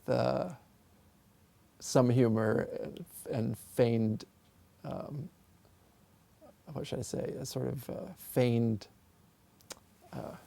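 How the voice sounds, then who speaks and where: Mellow-voiced composer guy thinking out loud about pitch and rhythm, dry close sound. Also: gravelly, dry recording. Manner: thoughtful, musing, explains with sung sound examples. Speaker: composer and music theorist being interviewed. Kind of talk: explanatory conversational interview. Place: his office.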